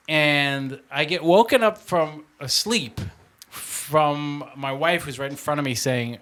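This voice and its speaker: A man casually telling a story on a podcast, animated and profane, laughing often. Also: a little high, slow. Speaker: podcast co-host.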